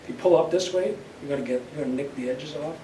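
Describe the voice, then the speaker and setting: A man's voice: fairly high pitch, quick pace, warm tone. Older man demonstrating, far off in an echoey room. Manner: explains step by step, stumbles and repeats words, clears throat. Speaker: club presenter. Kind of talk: casual hands-on demonstration talk. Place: club meeting room, indoors. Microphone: room mic far from the speaker. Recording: echoey, distant, noisy room recording.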